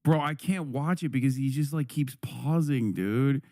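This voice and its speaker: A man's voice: mid-range voice, measured pace, dark tone, no echo, clean studio sound. A man streaming live, reacting to a video with heated, profane commentary that often repeats and restarts. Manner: angry, profane ranting.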